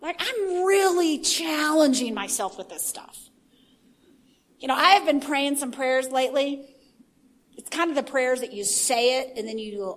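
A woman preaching a sermon in an animated way, swinging from hushed asides to shouting. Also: high-pitched, a little slow.

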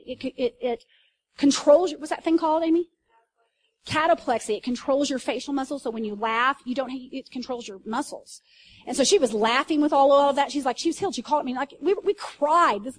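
A woman pastor preaching to a congregation, telling stories in an animated way with loud bursts and asides. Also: high-pitched, brisk. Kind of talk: sermon. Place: church service.

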